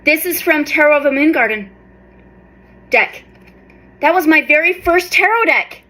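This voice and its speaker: Gushing excited woman vlogger. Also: high-pitched, moderate pace, rough recording. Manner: gushing, breathless with excitement, exclaims often. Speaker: tarot reader and vlogger. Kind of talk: excited unboxing vlog.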